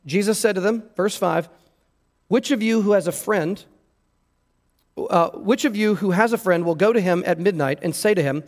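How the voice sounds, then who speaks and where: A man's voice: sits high, normal speed. A pastor preaching an earnest sermon, emphatic and repeating words as he stresses his points. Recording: long hall reverb.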